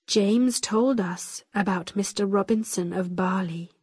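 A woman reading the lines of a calm, kindly gentleman questioning a family, with gentle, patient phrasing. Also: medium pitch, unhurried, husky, dry recording, clean studio sound.

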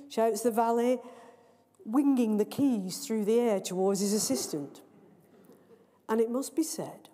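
A woman author reading her own story aloud, in a lively, playful storytelling manner, in a large library hall. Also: medium pitch. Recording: long reverb of a large hall.

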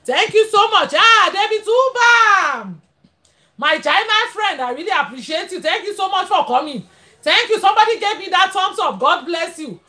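Nigerian woman host, very high and animated voice, chatty and laughing, greets live-stream viewers. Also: moderate pace. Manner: chatty, laughs often, switches into pidgin. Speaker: livestream host. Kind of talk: casual live-stream chat.

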